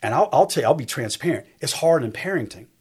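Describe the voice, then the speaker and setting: Talking fast in a sing-song, medium-pitched voice with a breathy edge, a man in his fifties joins a faith talk show as a guest. He speaks with emphasis and a preacher's rhythm, restating his core lines.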